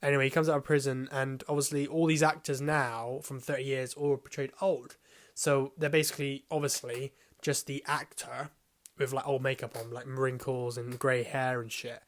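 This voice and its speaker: A man talks through a film review at mid pitch. He rambles, stops to restart his thoughts, and swears now and then. He sounds like someone chatting rather than reading a script. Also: little pitch movement, moderate pace. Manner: rambling, hesitant, swears casually. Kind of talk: casual spoken film review.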